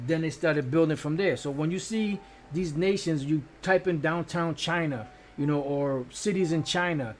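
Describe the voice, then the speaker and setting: A man teaching from the Bible in a loose, casual way, cursing freely and pausing often with fillers and restarts. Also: on the high side, a little mellow, a little hiss or hum. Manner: looks up words while talking. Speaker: street preacher.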